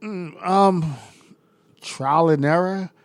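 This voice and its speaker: A middle-aged man with a New York-area accent, a guest answering interview questions calmly in casual chat. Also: high voice, very slow, dry recording. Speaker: guest, hip-hop artist.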